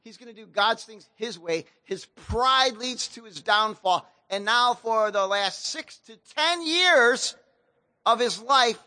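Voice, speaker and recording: A man's voice: very high-pitched, lively intonation, takes it slowly, bright, forceful tone, no room sound. A man pastor preaching a sermon in a casual, slangy storytelling way.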